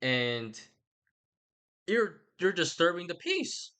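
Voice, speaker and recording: A man's voice: sits high, sing-song, slow, bright, forceful tone, clear, resonant tone, pitched above the performer's own voice, full character voice. A man voicing an exasperated prince who scolds brawlers in casual modern slang. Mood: scolding.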